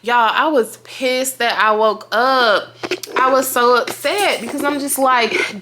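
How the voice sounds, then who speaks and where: A young woman, chatting loudly and profanely to her viewers in a casual vlog. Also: fairly high pitch, takes it slowly, noisy background. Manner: profane, loud and excitable, talks to viewers as y'all. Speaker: vlogger.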